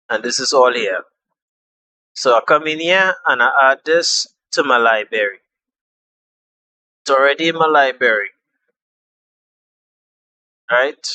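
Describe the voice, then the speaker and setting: Slow, bright-voiced casual tutorial guy. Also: mid-range voice, clean tone, no room sound, rough recording. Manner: relaxed, chatty, repeats himself and trails off with fillers. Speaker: tutorial host. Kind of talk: casual screen-recorded app tutorial.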